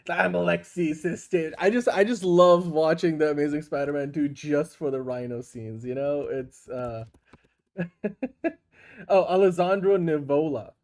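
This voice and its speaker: Excitable man co-hosting a podcast. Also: on the high side. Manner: animated, laughing, quick to react. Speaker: podcast co-host. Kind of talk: casual chat.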